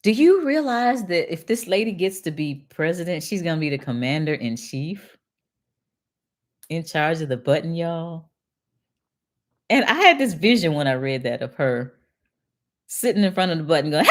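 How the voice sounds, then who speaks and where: A woman's voice: lowish voice, expressive, normal speed. An older woman from Detroit reading political promises aloud to a live chat and answering them with sarcastic, indignant asides. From Detroit, USA. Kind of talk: casual livestream commentary.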